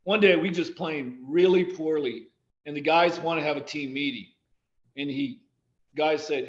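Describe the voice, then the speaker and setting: Brief: male podcast guest, high-ish voice, animated anecdotes, roomy and muffled recording. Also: a little slow. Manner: animated anecdotes, quoting others. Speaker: guest, athletic director and former coach. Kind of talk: storytelling in a casual podcast interview.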